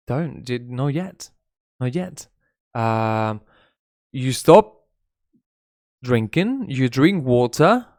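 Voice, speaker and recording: A Spanish-accented man, Spanish his first language, teaching English in a loose, gossipy way that slides into Spanish. His voice sits in a middle pitch. It is recorded close and dry, with no room sound. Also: clear, resonant tone, no echo. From Spain. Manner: chatty, gossipy, swears, mixes Spanish into English. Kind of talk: casual live-stream English lesson.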